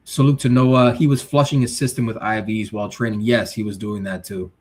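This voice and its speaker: A man's voice: lowish voice, a little fast, husky. A male livestream host chatting casually, reading viewer comments and giving blunt, slangy takes. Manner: blunt, animated, street slang.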